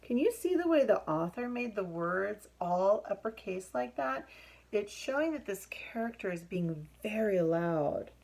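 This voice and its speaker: A woman reading a picture book aloud to children, explaining pictures and asking questions, with a husky voice. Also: mid-range voice, lively intonation, unhurried, darkish tone, poor audio.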